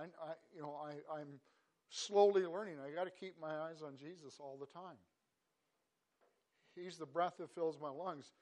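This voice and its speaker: Earnest, halting man preaching a sermon. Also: a little high, a little mellow. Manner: earnest, halting with repeated restarts, rising to emphatic bursts. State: choked up. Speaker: pastor. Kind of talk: devotional sermon.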